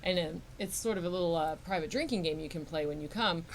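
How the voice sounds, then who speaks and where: A woman's voice: fairly low pitch, fast, background noise. A woman stage performer chatting playfully in an interview about her show. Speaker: theater performer. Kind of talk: casual interview chat.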